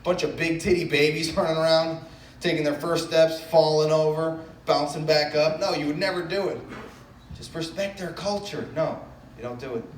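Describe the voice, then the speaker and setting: A man's voice: a little high, steady tone, moderate pace, a little hiss or hum. A man from the Boston area doing a stand-up comedy set, loose and self-mocking, riffing with the crowd. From Brookline, Massachusetts. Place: comedy club stage. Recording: echoey room from a distant mic, faint crowd ambience.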